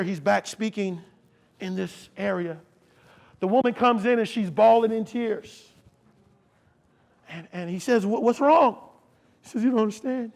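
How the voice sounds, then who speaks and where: A man's voice: high voice, gravelly, darkish tone. A man giving a motivational keynote speech, preacher-like, leading the crowd in call and response. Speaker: keynote speaker.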